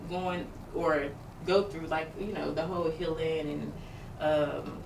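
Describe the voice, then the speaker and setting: A low, creaky-voiced woman speaks slowly with fairly even intonation. She co-hosts a podcast and rambles candidly about her struggles, using many fillers, while the distant mic picks up a roomy, noisy background.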